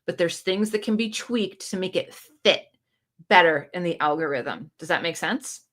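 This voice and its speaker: A woman's voice: lowish voice, expressive, normal speed, fairly bright tone. A woman hosting a casual live stream, reading viewer comments aloud and answering them in an encouraging, coaching tone, recorded on a phone camera. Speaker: booktube channel host.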